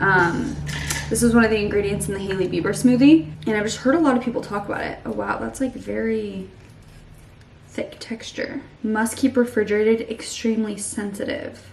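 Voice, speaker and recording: A young woman in her twenties chatting casually to camera as she makes a smoothie, saying "like" a lot and sometimes trailing off into soft murmurs. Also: medium pitch, echoey room, recorded from a distance, slight background noise, rough recording. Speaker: lifestyle vlogger. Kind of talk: casual vlog chat. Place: home kitchen.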